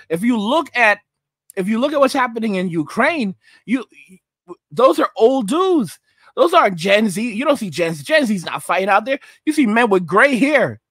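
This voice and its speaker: A man with a strikingly high voice rants through a commentary livestream and reads out viewer chat. He talks emphatically, hammering the same phrases again and again, and the recording sounds close and dry with no room sound. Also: lively intonation, moderate pace, fairly bright tone, no echo. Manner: emphatic, repeats phrases, keeps asking "all right?"; slips into mocking put-on voices.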